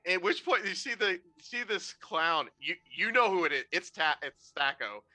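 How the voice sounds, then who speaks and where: A game master narrating a tabletop game in an animated, laughing, loose way. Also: mid-range voice, normal speed.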